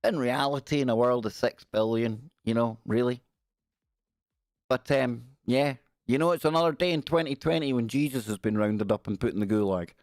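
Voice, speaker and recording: A man's voice: mid-range voice, normal speed, a little mellow, no echo. A man hosts a casual livestream, wry and joking as he reads news aloud. His voice sits in a middle register. The sound is dry and close, with no room around it. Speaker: livestream host. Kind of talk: casual live-stream commentary.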